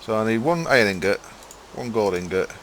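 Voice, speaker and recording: A man's voice: fairly low pitch, lively intonation, brisk, a bit bright, a little hiss or hum. A young man with a mild Hull accent from East Yorkshire, chatting casually and muttering to himself while streaming a game. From Hull, East Yorkshire, England. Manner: rambling, mumbles to himself while playing, swears casually. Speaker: gaming streamer. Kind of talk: casual gameplay commentary chatting with live chat.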